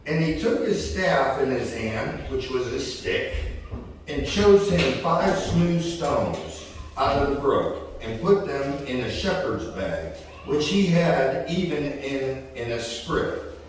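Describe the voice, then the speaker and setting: Folksy preacher in an echoing church. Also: male voice, mid-range voice, very animated, slow, a little hiss or hum. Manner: folksy, conversational, keeps asking "right?" and "okay?". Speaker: pastor. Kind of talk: sermon. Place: church sanctuary. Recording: echoey church hall from far off.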